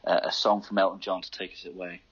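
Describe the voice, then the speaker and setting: A man's voice: sits low, little pitch movement, quick pace, lo-fi sound, music in the background. A man hosting a podcast interview, encouraging and summing up what his guest says. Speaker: podcast host.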